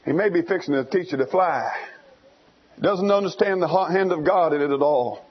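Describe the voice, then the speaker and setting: A male preacher delivering a fiery storytelling sermon in church, swinging from hushed to shouting. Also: a little high, normal speed, husky, muffled recording.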